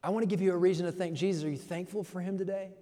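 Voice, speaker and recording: Young male pastor, slangy, dynamic sermon delivery, slightly high voice, reverberant hall sound. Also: very fast. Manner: energetic preaching, swings from soft to loud.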